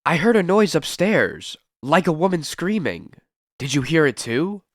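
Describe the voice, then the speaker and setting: Brief: spunky kid sidekick, read by a man, slow, dry close sound. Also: fairly high pitch, sing-song, dry recording, pitched above the performer's own voice. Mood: uneasy. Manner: eager, jittery, slangy. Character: plucky teenage boy sidekick.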